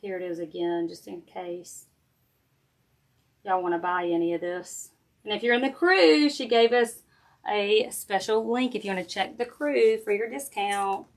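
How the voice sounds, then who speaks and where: A woman's voice: mid-range voice, unhurried. A middle-aged woman, chatting casually with viewers while she demonstrates a craft project on a livestream. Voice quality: chatty, folksy, talks straight to viewers while working. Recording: faint background noise and clicks.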